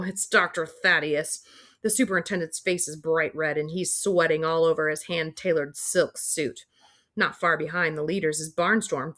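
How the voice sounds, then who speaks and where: A woman's voice: on the low side, a bit bright. Woman reading a wry first-person audiobook. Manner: wry, dry storytelling. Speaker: audiobook reader.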